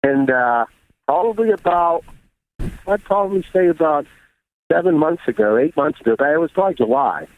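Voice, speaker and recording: A man's voice: on the high side, moderate pace, no room sound, narrow, tinny audio. A man in his thirties, a guest on the show, telling stories candidly and with a lot of swearing. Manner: candid, profane, animated retelling. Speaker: guest bodybuilder. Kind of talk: casual storytelling interview.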